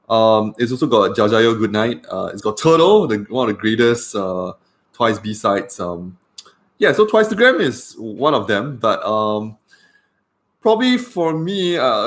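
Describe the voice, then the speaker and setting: A man, a doctor chatting casually on a livestream with lots of fillers. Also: lowish voice. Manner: chatty and rambling, with many fillers.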